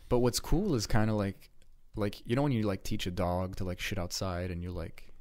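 A man's voice: lowish voice, steady tone, normal speed, a little mellow. A man co-hosting a laid-back podcast, rambling in casual chat with lots of fillers and swearing. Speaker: podcast co-host.

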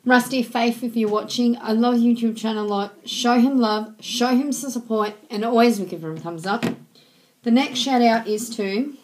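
Woman host reading shoutouts. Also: on the high side, normal speed, low-quality recording. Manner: repeats a set friendly formula. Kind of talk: casual vlog shoutouts.

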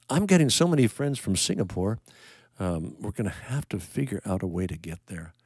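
A man's voice: lowish voice, big pitch swings, a little mellow, husky, dry recording, studio quality. An older American man hosting a livestream, chatting casually and rambling as he greets viewers, with plenty of uh and um. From United States. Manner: rambling, folksy, pauses with uh and um. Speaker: worship livestream host.

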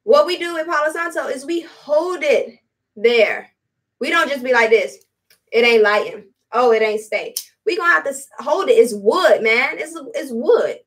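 Lady doing a live demo stream, kinda high voice, talks loose n slangy, repeats herself, sounds a bit far off the mic. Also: lively intonation, normal speed, a bit bright. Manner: casual, chatty, repetitive, blunt slang. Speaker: host selling spiritual products. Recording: voice distant from the mic.

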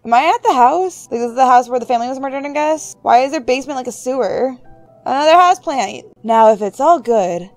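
Chatty young woman playing a horror game. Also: darkish tone. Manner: chatty, reads game text aloud, jokes to herself; squeals in high-pitched surprise. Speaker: gaming YouTuber. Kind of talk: let's play commentary.

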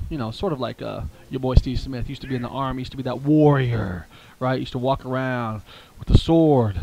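A man telling a playful story with toys, animated and lively, dropping low for heartfelt asides. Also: background noise.

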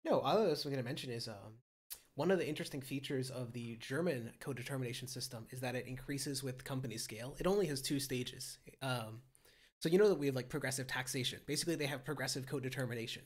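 A man hosting a casual political discussion, explaining ideas at length in a steady way with many ums. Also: mid-range voice, quick pace. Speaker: host.

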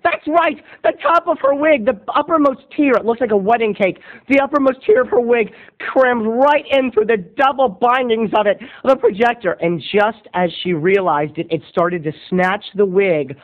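An animated, giggly man in his thirties telling a comic story to his viewers in a very high voice. The sound is thin and tinny, like a cheap webcam mic. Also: moderate pace, hardly any pauses. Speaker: video blogger.

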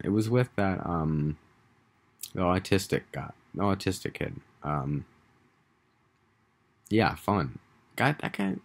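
A young American man talking to his own channel in a crude, meandering casual monologue full of fillers and restarts. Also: a bass voice. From United States. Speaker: vlogger.

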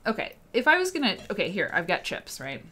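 A woman's voice: medium pitch, wildly swooping pitch, a little fast, sharp tone, breathy edge. A woman hosting a casual livestream, chatty and rambling, greeting viewers in the chat by name. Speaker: host.

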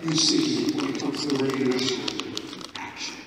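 A man's voice: mid-range voice, fairly even intonation, normal speed, background noise. A male comedian from Staten Island, New York, telling a story on a large arena stage and teasing the audience in a mock-serious way. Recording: echoey arena from far off, crowd.

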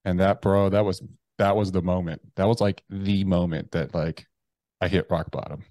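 A man with a deep, fairly even voice speaks at a moderate pace, his tone a little mellow, with no echo. He's an army veteran telling a personal story in an interview, casual and profane, leaning heavily on swearing, "like," and "bro."

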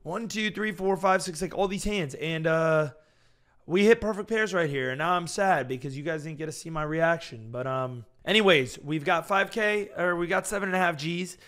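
A man talking casually and excitably to his viewers while playing online blackjack, slangy and restless. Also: on the high side, moderate pace. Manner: excitable, slangy, swings between hype and frustration. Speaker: gambling streamer. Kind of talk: casual hyped commentary to camera.

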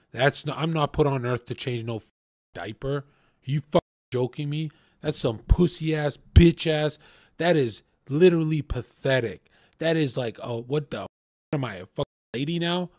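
Crude ranting young man, slow and dry. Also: mid-range voice, a little mellow, dry recording. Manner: crude, profane, emphatic. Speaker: streamer. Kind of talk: ranting livestream commentary.

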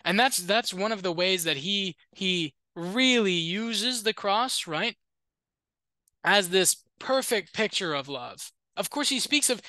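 A man's voice: sits high, bright, forceful tone, dry recording. A man teaching as a Lutheran, reading an ancient Christian letter aloud and explaining it in a discursive, informal way with joking asides. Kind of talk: reading and commenting on an ancient text.

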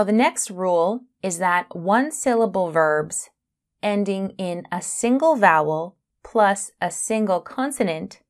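A woman teaching a beginner English grammar lesson, speaking slowly and carefully, spelling out letters and stressing words for clarity. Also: mid-range voice.

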